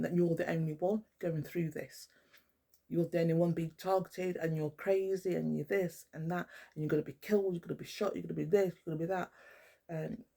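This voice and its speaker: A woman's voice: fairly low pitch, creaky, mellow. A woman, talking to the camera in a blunt, rambling monologue full of swearing. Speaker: vlogger. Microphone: camera mic.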